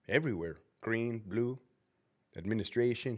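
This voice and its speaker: A former prison officer hosts a casual livestream, speaking at a moderate pace in a lowish voice. He tells animated stories about use of force, blunt and profane throughout.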